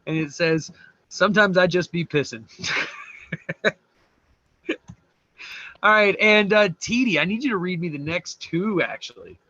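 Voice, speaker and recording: A man's voice: high voice, animated, unhurried, pauses often, sharp tone, no room sound. Giggly man reading memes on a call. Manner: describes pictures and reads captions, giggles often. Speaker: co-host. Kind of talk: casual chat reading memes aloud. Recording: dull lo-fi call audio, dry.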